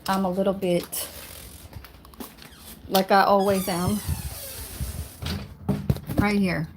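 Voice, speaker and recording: A woman's voice: mid-range voice, little pitch movement, slow pace, noisy background. A woman hosting a casual cooking livestream at home, chatting with her viewers while she cooks and swearing now and then. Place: home kitchen, then outdoors.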